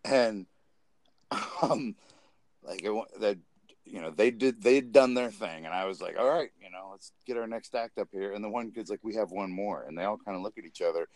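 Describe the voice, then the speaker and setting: A man's voice: fairly low pitch, dry recording. A man co-hosting a podcast, telling a rambling story with frequent laughs in a casual chat. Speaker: podcast co-host.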